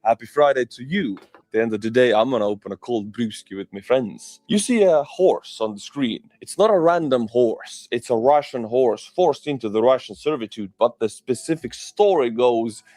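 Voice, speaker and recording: A man's voice: medium pitch, animated, normal speed, a little mellow, no echo. A man giving a friendly, conversational news commentary. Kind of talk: video commentary.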